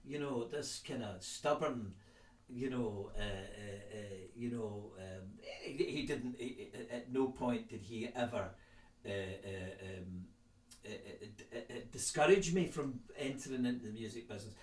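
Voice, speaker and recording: A man's voice: mid-range voice, unhurried, a little mellow. A middle-aged man hosting a podcast, chatting casually with plenty of fillers and encouraging replies. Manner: rambling, filler-heavy, encouraging. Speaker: podcast host. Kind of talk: casual interview chat. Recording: roomy audio from a distant mic.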